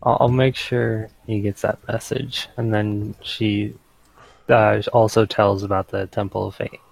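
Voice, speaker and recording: A man taking part as a player in a tabletop role-playing game, talking slowly and hesitantly. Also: fairly low pitch, little pitch movement, vocal fry, rough recording.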